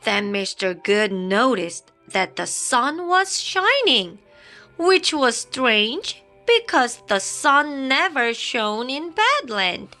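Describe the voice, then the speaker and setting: Reading a children's picture book in a dramatic, playful way with sound effects, this woman uses a high-pitched, sing-song voice. She takes her time, and her tone is pushed and bright. Soft background music can be heard faintly.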